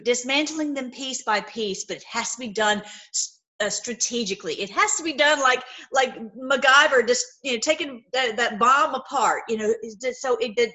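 A woman giving casual livestream commentary, animated and rambling, with frequent restarts and fillers. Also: fairly high pitch. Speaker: online commentator.

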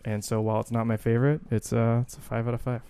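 Casting: earnest male podcast co-host with a gravelly, fry-heavy voice. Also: medium pitch, flat delivery, fast talker, dark tone. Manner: earnest, hesitant, lots of fillers. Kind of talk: casual film chat.

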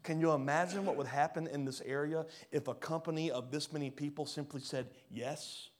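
A pastor preaching a sermon, swinging between loud rising bursts and quiet low drops. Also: male voice, fairly even intonation, fairly quick. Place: church hall.

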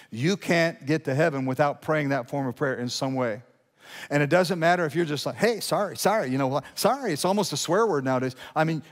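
A man's voice: fairly high pitch, in a large hall. A middle-aged man preaching a sermon as pastor, conversational and prone to restarts and asides.

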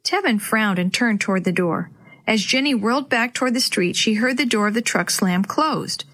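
A woman reads a children's chapter book aloud in an expressive storytelling voice. Her pitch sits a little high for a woman. She addresses young listeners as the show's regular reader. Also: normal speed.

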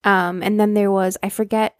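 A woman's voice: medium pitch, little pitch movement, normal speed, no room sound. A woman guest on a casual podcast, speaking thoughtfully with many ums and likes.

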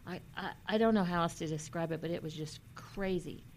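A woman earnestly telling a personal story in a halting way, with many restarts, and at times emotional and near tears. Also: lowish voice, darkish tone, a little hiss or hum. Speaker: vlogger.

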